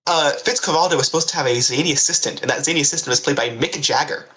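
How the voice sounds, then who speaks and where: A man's voice: a little high, racing, bright, forceful tone, rough recording. A young man co-hosting a casual film podcast, rambling through plot details with many fillers and restarts. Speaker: podcast co-host. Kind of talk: casual film-review chat.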